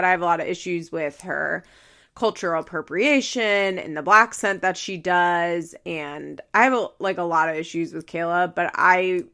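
A woman's voice: medium pitch, fairly bright tone. A woman hosting a podcast, recapping a reality show in casual chat, laughing often and acting out the quoted lines. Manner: chatty, laughing, acts out quotes. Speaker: podcast host.

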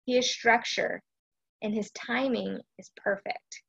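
A woman's voice: fairly high pitch, fairly even intonation, slow pace, creaky, a bit bright, husky, highs cut off. A woman from Texas, hosting a casual devotional live stream chat and often checking in with her listeners. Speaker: host of a faith chat.

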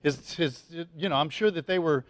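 A man's voice: on the high side, normal speed, no room sound. A man preaching a sermon to his congregation in a loose, conversational way, full of asides, fillers and restarts. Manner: chatty, folksy, lots of fillers and restarts. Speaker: pastor.

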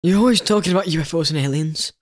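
A young man, co-hosting with his father and teasing him in a deadpan way with short answers. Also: a little high, quick pace, no echo, clean studio sound. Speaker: host's son, co-host.

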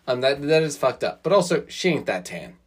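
A man's voice: on the high side, sing-song, a little fast, husky. A man co-hosting a podcast in casual chat, blunt, argumentative and freely profane.

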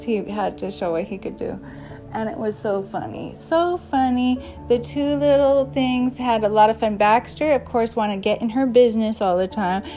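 Chatty woman telling rambling stories. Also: a little high. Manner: chatty and rambling, with warm chuckles. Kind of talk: casual storytelling.

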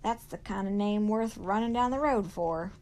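A woman doing a loud blustering bully of a man. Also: medium pitch, moderate pace, close to an everyday voice. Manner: hollering, folksy southern drawl.

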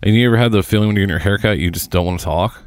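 Low-voiced, fast-talking middle-aged man. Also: no room sound, studio quality. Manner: brisk storyteller, swears casually. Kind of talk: casual chat.

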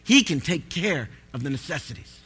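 A man, a pastor, preaching a sermon and telling stories with animated, loud bursts of pleading. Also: fairly high pitch, moderate pace, breathy edge.

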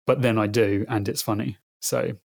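A man's voice: on the low side, steady tone, moderate pace, gravelly, darkish tone, no echo, studio quality. A man in his thirties, a podcast guest chatting casually, often stalling and repeating words while he gathers his thoughts. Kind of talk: casual conversation.

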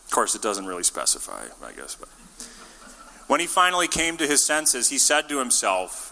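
Speaking at a moderate pace in a gravelly, mid-range voice, a preacher gives a casual, jokey sermon and acts out the quotes of people in his story. He's very animated, bright and forceful, and a long reverb follows him as though he's in a large church.

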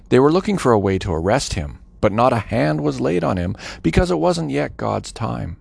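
A man reads scripture aloud with dramatic, varied phrasing. His voice has a gravelly edge. His pitch moves freely through each sentence. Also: sing-song, normal speed, hardly any pauses, a little mellow, no room sound. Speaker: scripture reader. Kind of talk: expressive scripture reading.

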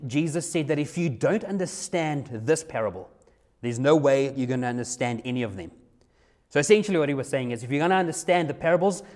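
A man's voice: a little high, darkish tone. A young adult man, a youth pastor telling a personal story in a sermon, conversational and repeating phrases for emphasis.

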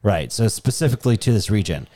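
A deep, low-pitched man with a New England accent holds forth on a casual podcast. He swears freely and slides into animated, joking rants, with his voice sitting well below most men's. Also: quick pace. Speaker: podcast co-host.

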